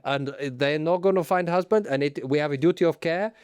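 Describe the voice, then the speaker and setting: A self-important Italian racing chief, as a podcast host puts him on, talking in mangled English with a thick put-on Italian accent. The voice has a smooth, resonant middle pitch and is recorded close and dry. His tone is mock-official and pompous. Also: fairly quick, a little mellow, no echo, lightly acted. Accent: put-on Italian, broken English. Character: pompous sexist Italian motorsport boss, male, middle-aged.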